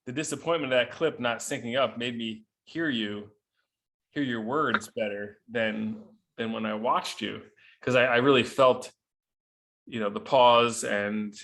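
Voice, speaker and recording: Brief: male host, mid-pitched, relaxed and reflective questioning. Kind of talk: interview conversation.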